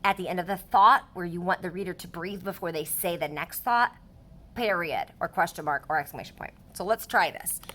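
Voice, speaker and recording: A woman's voice: on the low side, pushed and bright. A woman teaching a writing lesson to third graders, reading her example sentences aloud as she explains punctuation.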